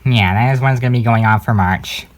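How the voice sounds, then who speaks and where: Speaking at a medium pitch, a young man hosts a news update for his home-made channel. He talks casually, with lots of fillers and hesitant pauses.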